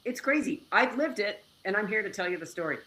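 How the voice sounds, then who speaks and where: Lively, bright-voiced woman telling her story. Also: medium pitch, quick pace, low-quality recording. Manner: animated, exclamatory, laughs often. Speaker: interview guest. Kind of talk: emotional personal storytelling.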